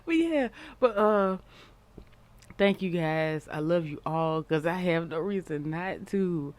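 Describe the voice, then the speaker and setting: A woman's voice: lowish voice, lively intonation, unhurried, a little mellow. A woman hosting a casual reaction vlog, talking to her viewers in a playful, giggly, slangy way. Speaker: vlog host.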